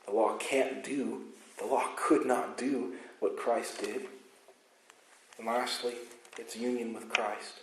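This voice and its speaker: A man preaching a sermon as pastor, emphatic, moving between loud insistence and quiet asides. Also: mid-range voice, fairly even intonation, takes it slowly, roomy sound, slight background noise, low-quality recording. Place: church sanctuary.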